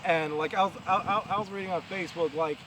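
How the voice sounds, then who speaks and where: Man, New York accent, fairly high voice, casual rambling review, filler-heavy, outdoors, loud machinery noise behind. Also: fairly even intonation, fast talker. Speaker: vlogger. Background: distant heavy machinery and traffic.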